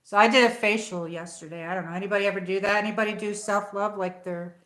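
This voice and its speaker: A woman's voice: mid-range voice, fairly even intonation, quick pace, a bit bright. A woman chats on a livestream from home, rambling from one thought to the next and greeting viewers by name. Her voice sits in a middle range. The room has a noticeable echo around her. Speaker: livestream host. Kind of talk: casual livestream chat. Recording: echoey room.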